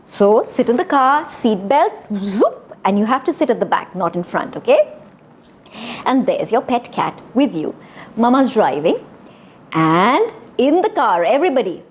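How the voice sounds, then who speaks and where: A woman's voice: a little high, sing-song, measured pace, slight background noise. A woman telling a fairy tale to children, coaxing them to act along and praising them. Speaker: children's storyteller. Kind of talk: interactive story enactment for kids.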